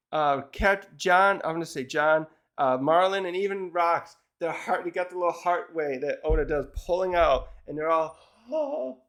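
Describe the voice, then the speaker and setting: A man's voice: on the high side, a bit bright. A man casually reviewing a manga chapter, retelling it in a rambling way with many restarts.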